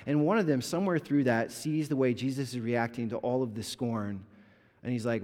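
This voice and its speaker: A man pastor giving an animated, conversational sermon with humor to his congregation in a church. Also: medium pitch, normal speed. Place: church sanctuary. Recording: long hall reverb.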